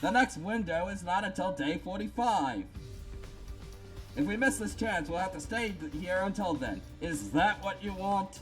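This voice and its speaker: A man's voice: sits high, animated, normal speed, a bit bright, faint music behind, pitched above the performer's own voice, rough recording. A man voicing an arrogant, brainy young female scientist who lectures and talks down to others, reading a game script aloud. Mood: brisk. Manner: condescending, lecturing.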